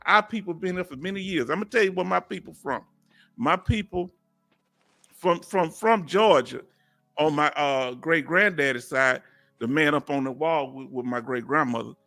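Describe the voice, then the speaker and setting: A man from Houston with a Southern Texas accent, hosting a live stream in a folksy, drawn-out storytelling way. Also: fairly high pitch, gravelly, bright, forceful tone, soft background music. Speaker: host.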